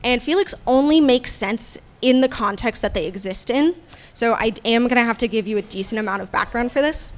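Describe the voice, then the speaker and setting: A woman game master speaking on a convention panel in an animated, casual way, swearing freely. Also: a little high.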